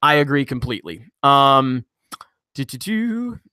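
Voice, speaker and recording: A man's voice: mid-range voice, big pitch swings, a little slow, bright, forceful tone, smooth, dry recording, clean studio sound. A man hosting a casual live stream, reading viewer comments and ranting bluntly with frequent swearing and restarts. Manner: blunt, profane, rambling with many restarts. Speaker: YouTube channel host.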